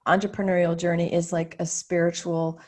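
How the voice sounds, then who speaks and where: A woman's voice: on the low side, flat delivery, fairly quick, darkish tone. A woman business coach, a guest, telling her own ups and downs frankly and with animation, voicing her own inner thoughts as she goes. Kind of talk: candid conversational storytelling.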